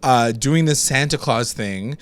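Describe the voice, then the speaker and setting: A man co-hosting a podcast, recapping a TV episode in casual, sarcastic chat full of "like" and quick laughs. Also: mid-range voice, no room sound. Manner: chatty, sarcastic, lots of "like" and laughter. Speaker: podcast co-host.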